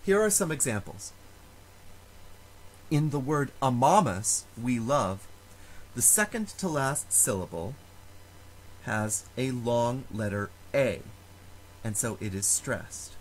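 A man teaching a Latin lesson, explaining stress rules slowly and carefully and sounding out example words. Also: medium pitch, expressive, a little hiss or hum, poor audio. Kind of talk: recorded lecture.

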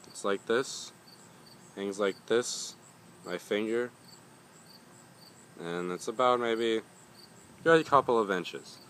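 Young male vlogger, low and bright, rambling and foul-mouthed, faint crickets outdoors. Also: slow, long pauses, a little hiss or hum. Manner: rambling, swears often, grumbling. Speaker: pepper reviewer. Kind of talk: casual vlog talk.

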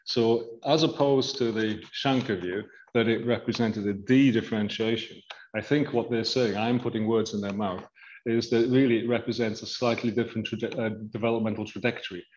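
Low-voiced guy lecturing, explains slide by slide, kinda dull muffled recording. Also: steady tone, a little mellow, slight background noise. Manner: explanatory, walks through slides with measured hedging. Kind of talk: academic lecture.

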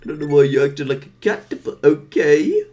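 A let's play commentator giving casual gameplay commentary, humming little made-up tunes, cooing at the game characters like pets and letting out sudden excited yelps and laughs. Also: medium pitch, moderate pace. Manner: hums little made-up tunes while playing.

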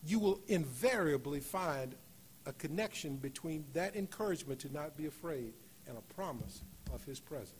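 A man with a high voice preaches a sermon in a church sanctuary. He slows on key phrases and climbs to loud, emphatic peaks. A faint hum of room ambience sits behind him. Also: expressive. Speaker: guest preacher.

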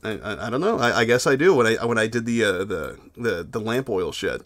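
A man's voice: lowish voice, sing-song, brisk, a bit bright. A man hosting a casual livestream, reading donation messages aloud in a laid-back, crude way. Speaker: livestream host.

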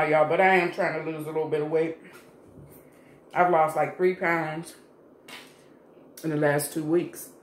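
A middle-aged woman in a casual eating vlog, chatting to viewers while she eats. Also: low voice. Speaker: food vlogger. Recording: echoey room with faint background noise.

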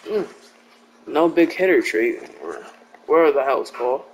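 A man's voice: fairly high pitch, slow, a little hiss or hum. A young man giving casual, rambling gameplay commentary with joking, blunt trash talk. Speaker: gaming video creator.

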